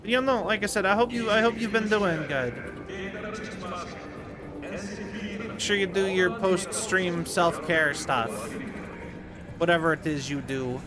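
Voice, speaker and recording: A man's voice: high-pitched, a little slow, long pauses, a crowd in the background. A man streaming a game, chatting casually with viewers in a rambling, jokey way. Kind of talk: casual gameplay commentary.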